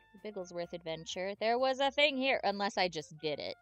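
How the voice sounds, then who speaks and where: Woman, game playthrough commentary, excitable and chatty, bouncy pitch, faint music. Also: fairly quick, hardly any pauses, no echo. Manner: excitable, chatty, reads aloud. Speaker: gamer streamer.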